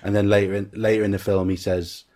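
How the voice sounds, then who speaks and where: Low, flat-voiced man chatting about films. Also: quick pace. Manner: recounts scenes at length, acting out lines. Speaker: podcast co-host. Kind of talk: casual film discussion.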